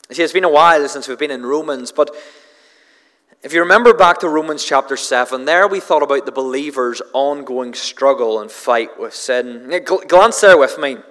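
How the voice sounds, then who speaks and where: A man's voice: mid-range voice, moderate pace, fairly bright tone, long reverb tail. A man preaching a sermon, earnest and emphatic, building on repeated refrains and restarting phrases as he presses a point.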